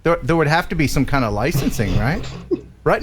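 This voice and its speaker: A man co-hosting a live drone show, joking playfully with big swings in pitch. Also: big pitch swings, brisk, slight background noise. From USA. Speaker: co-host. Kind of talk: casual live-stream chat.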